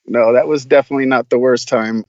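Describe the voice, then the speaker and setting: A man's voice: medium pitch, no echo, highs cut off. A man guesting on a podcast, telling stories casually, laughing a lot and swearing freely with many restarts. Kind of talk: casual storytelling.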